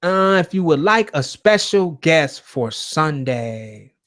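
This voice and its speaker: A man's voice: fairly high pitch, big pitch swings, slow pace, fairly bright tone. A man hosting a live call-in show from home, talking in a casual, rambling and profane way. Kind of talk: casual livestream talk.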